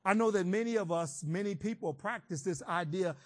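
A man preaching a sermon, swinging between shouted emphasis and quiet, reflective teaching. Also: high-pitched, fairly quick, few pauses.

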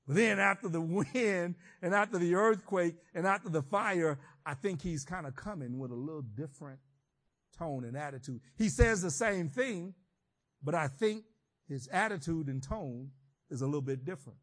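A man preaching a sermon, swinging between shouted emphasis and quiet, reflective teaching. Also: on the high side, animated, normal speed.

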